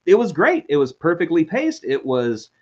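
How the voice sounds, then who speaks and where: A man's voice: on the high side, huge pitch swings, normal speed, darkish tone, breathy edge, lo-fi sound. A man co-hosting a casual TV review chat, jokey and self-deprecating, gushing about episodes he liked. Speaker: co-host of a TV review show.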